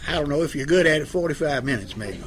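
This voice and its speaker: Folksy high-voiced man telling stories. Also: expressive, fast talker, noisy background. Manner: folksy, humorous, acts out both sides of arguments. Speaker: speaker on addiction recovery. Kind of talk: storytelling talk to an audience.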